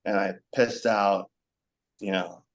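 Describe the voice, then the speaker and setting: A man's voice: lowish voice, fairly even intonation, slow. A young man as a podcast guest, talking frankly in a rambling conversational way, with many fillers. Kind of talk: candid conversational storytelling.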